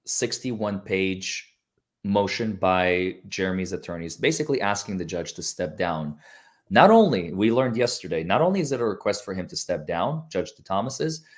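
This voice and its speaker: Guest lawyer, low voice, earnest, rambling, restarts a lot. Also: male voice. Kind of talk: casual livestream chat.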